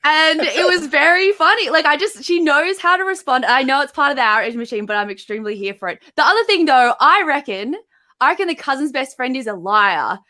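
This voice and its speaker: A woman's voice: sits high, lively intonation, a little fast, pushed and bright. A woman comedian on a comedy podcast, chatting playfully with many "like"s and "I reckon"s. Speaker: comedian guest.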